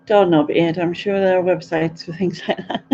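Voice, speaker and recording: A woman's voice: on the low side, fairly even intonation, normal speed, warm tone, dull audio, slight background noise. A middle-aged woman, chatting and giggling through a casual live question-and-answer stream.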